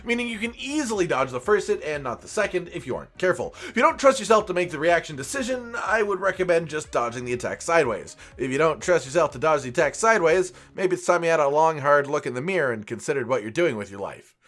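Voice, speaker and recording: A man's voice: a little high, sing-song, quick pace, hardly any pauses, fairly bright tone. A young man narrating a scripted game guide as host, with playful, sarcastic asides. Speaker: gaming channel host.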